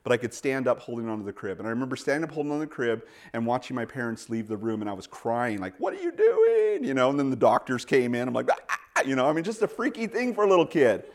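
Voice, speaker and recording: A pastor in his forties, preaching a conversational sermon with animated storytelling, acting out quoted voices, with frequent self-corrections and asides. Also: medium pitch, fast, hardly any pauses.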